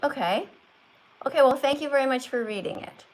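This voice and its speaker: A woman's voice: sits high, a little fast, low-quality recording. An older woman hosting a live stream, talking like a strict teacher who corrects and lectures. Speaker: livestream host.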